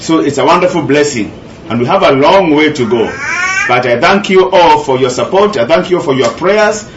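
A man's voice: on the high side, animated, moderate pace, lo-fi sound, noisy background. Earnest preacher man in echoey room. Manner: earnest, repetitive emphasis. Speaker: pastor. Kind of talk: sermon teaching.

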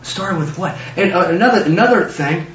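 Animated high-voiced male preacher, roomy hall. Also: brisk, slight background noise. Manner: animated, acts out biblical figures in excited voices. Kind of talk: sermon. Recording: roomy, distant, dull lo-fi sound.

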